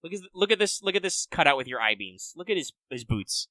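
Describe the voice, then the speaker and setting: A man's voice: a little high, big pitch swings, fast talker, sharp tone, no echo. A man co-hosting a podcast, explaining things in a loose, rambling way with lots of "like" and casual swearing. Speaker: podcast co-host. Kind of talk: casual chat.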